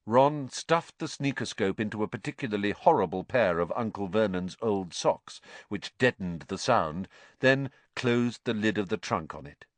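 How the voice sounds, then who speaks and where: Expressive male storybook narrator. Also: lowish voice, moderate pace, dry recording. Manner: expressive, with many character voices. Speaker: audiobook narrator. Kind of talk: storybook reading.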